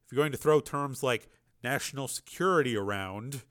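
A man reading a domineering male official who snaps and scorns, bursting into shouts. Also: medium pitch, normal speed, lightly acted. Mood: scornful. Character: angry, domineering middle-aged male official.

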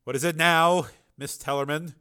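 A man reading a domineering male official who snaps and scorns, bursting into shouts. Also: medium pitch, unhurried, close to an everyday voice. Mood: scornful. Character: angry, domineering middle-aged male official.

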